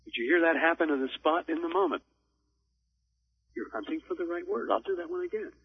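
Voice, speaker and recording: A man coaching on public speaking in a measured way, with deliberate pauses for emphasis. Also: on the high side, expressive, creaky, breathy edge, narrow, tinny audio. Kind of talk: instructional talk on a recorded program.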